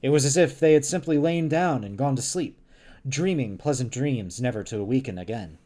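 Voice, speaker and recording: A man's voice: medium pitch, expressive, brisk, mellow. Giggly man reading a novel on stream. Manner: giggly, stumbles and restarts often. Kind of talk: casual read-along stream.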